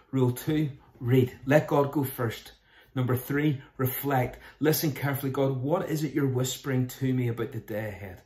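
An earnest pastor, talking his hearers through practical advice in a sermon. He keeps a steady mid-range voice, and the echo of a roomy space rings around him. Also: mid-range voice, normal speed. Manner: earnest, conversational preaching with rhetorical questions.

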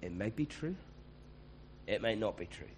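A man's voice: fairly low pitch, animated, moderate pace, a little hiss or hum, rough recording. A man, preaching a conversational sermon and acting out quoted voices.

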